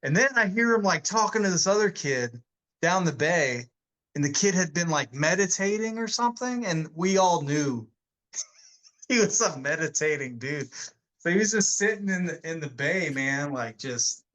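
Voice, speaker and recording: A man's voice: on the high side, animated, moderate pace, fairly bright tone, rough recording. A man in his forties, an army veteran telling rambling stories in a casual interview, laughing often between many fillers. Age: 40s.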